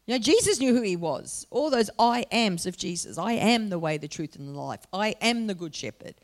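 A middle-aged woman preaching a sermon to a congregation, moving from personal storytelling to loud, emphatic exhortation. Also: medium pitch, animated, moderate pace.

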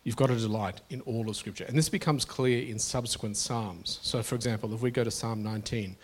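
A man's voice: mid-range voice, fairly quick, breathy edge. A middle-aged man preaching a sermon to his congregation in an earnest, conversational way, often restarting his phrases. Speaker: pastor.

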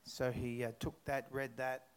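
A man's voice: medium pitch, little pitch movement, measured pace, clean tone. A man leading a church prayer and telling a faith story, chatty and rambling with fillers and restarts. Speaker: church speaker.

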